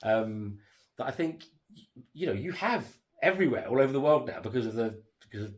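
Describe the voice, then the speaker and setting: A man's voice: medium pitch, lively intonation, brisk. A man co-hosting a casual chat podcast, talking in a rambling, self-deprecating way. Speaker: podcast co-host.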